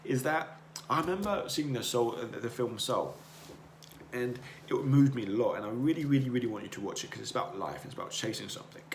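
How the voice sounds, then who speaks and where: A man hosting a podcast talks fast and expressively in a mid-range voice, giving an earnest, rambling motivational monologue that repeats itself as he circles his points. The recording has a roomy echo and faint noise.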